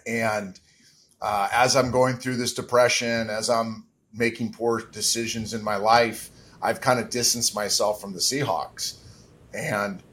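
A man's voice: lowish voice, fairly even intonation, a little slow, fairly bright tone, a little hiss or hum. Middle-aged man telling an emotional story. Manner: candid, emotional storytelling, holding back tears. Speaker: podcast guest. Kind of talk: interview.

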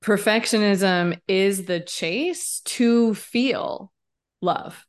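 A woman's voice: mid-range voice, very slow. A woman co-hosting a podcast about relationships, speaking earnestly as she sums up a lesson. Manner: earnest, teaching tone. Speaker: podcast co-host. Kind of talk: casual chat.

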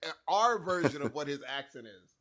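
A man hosting a podcast, joking around with his co-hosts in casual banter. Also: a little high. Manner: animated, jokey, quick interjections. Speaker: podcast host.

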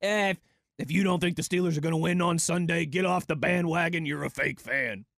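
A man's voice: fairly high pitch, fairly quick, creaky, no room sound, clean studio sound. A man doing the voice of a brash male football fan who scolds anyone doubting the team, grunting "eh" before he talks. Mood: scolding. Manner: loud, clipped, starts with a grunting "eh".

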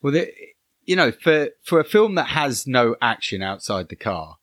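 A man thinking out loud about a film's tension and dialogue on a podcast, earnest and full of restarts. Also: medium pitch, big pitch swings, moderate pace, dry recording, clean studio sound. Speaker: podcast co-host. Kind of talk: casual film review chat.

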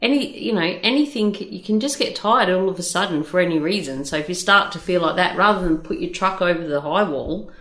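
An older woman with a slightly low voice hosts a casual chat. She talks frankly and chatty, with easy swearing. The recording has a roomy echo. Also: fairly quick, hardly any pauses, fairly bright tone.

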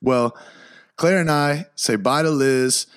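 Young male podcast host, medium pitch, excitable storyteller, slangy, prone to loud outbursts. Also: slow pace, smooth. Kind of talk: casual solo podcast storytelling.

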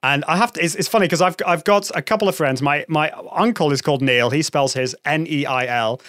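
Guy hosting a live show, kinda high voice, rambly and chatty, dry close sound. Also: fairly quick, a bit bright, no room sound. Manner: chatty, rambling with restarts and small laughs. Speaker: host. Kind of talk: live show interview chat.

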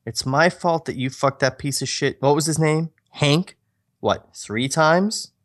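A man voicing a cold, jealous young man in a screenplay read-through, with a flat, icy delivery. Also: on the high side, unhurried, pitched above the performer's own voice, natural voice. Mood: bitter. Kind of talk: reading a screenplay aloud.

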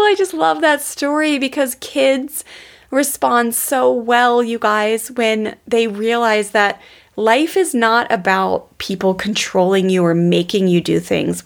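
A woman explains parenting ideas to her podcast listeners in a loose, storytelling way. She keeps turning to them as "guys". Her middle-pitched voice has a gravelly, fry-laden edge. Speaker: parenting educator. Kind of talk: podcast teaching monologue.

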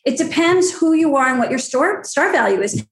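A middle-aged woman matchmaker telling stories in an animated, blunt and profane way, playing out quotes in a shrill voice. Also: moderate pace, roomy sound. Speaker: matchmaker guest. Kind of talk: animated storytelling chat.

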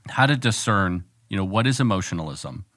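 Earnest male co-host with a lowish voice. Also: animated, fairly quick, a bit bright. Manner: earnest, searching for words while asking questions. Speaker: podcast co-host. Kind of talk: conversational interview.

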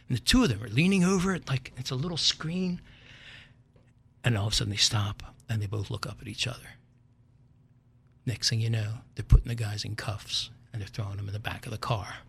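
An older man hosting a show, telling a comic story in a wry, animated way and chuckling at his own tale. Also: mid-range voice, vocal fry, breathy edge. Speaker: podcast host.

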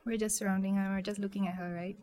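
Young woman, personal storytelling, soft, halting, filler words. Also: mid-range voice, flat delivery.

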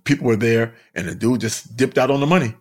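A man's voice: mid-range voice, brisk, breathy edge. A man, a stand-up comedian, telling road stories casually with lots of swearing and laughter. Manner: animated, profane, laughs often. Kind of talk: casual storytelling.

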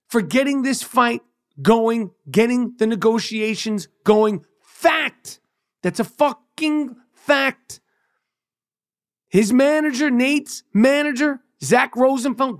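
Middle-aged New man, podcast host, slow profane rant, emphatic and repetitive. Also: very high-pitched, fairly bright tone. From New York.

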